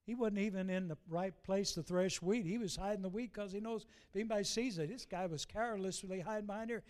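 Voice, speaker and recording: High-voiced preacher, folksy sermon. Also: male voice, a little mellow. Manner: folksy storytelling, slows to read scripture aloud.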